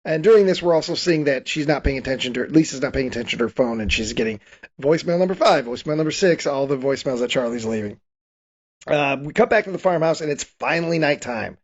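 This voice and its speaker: A man's voice: a little high, expressive, fast, dull audio. A man hosting a podcast, casually recapping a horror comedy in a rambling way, restarting his sentences and laughing. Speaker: podcast host. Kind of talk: casual movie recap chat.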